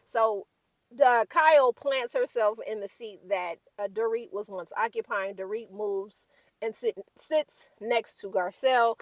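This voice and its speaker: A woman's voice: on the high side, a little slow, no echo. Sassy woman recapping reality TV gossip. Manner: sassy, slangy, acts out quotes in shifting voices.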